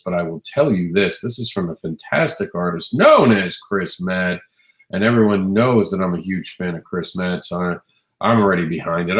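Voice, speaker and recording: A very low-voiced man hosts a live show, hoarse and a little growly because his voice has not yet recovered. He talks with eager enthusiasm, often restarting his sentences. He speaks close to a phone mic in a room with a noticeable echo. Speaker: host. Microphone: phone mic, standing close.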